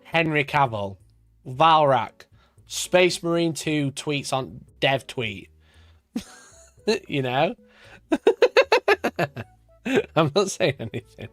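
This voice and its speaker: A man's voice: mid-range voice, lively intonation, slow pace, pauses often, fairly bright tone, no room sound, soft background music. Sweary Yorkshire man ranting on stream. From Sheffield, Yorkshire, England. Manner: sweary, ranting, laughs often. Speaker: wargaming streamer. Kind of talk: casual live stream chat.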